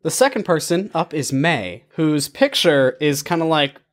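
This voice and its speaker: A man's voice: on the high side, measured pace. A young man co-hosting a podcast, telling comic stories in casual chat. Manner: animated storytelling with quoted banter. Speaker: podcast co-host.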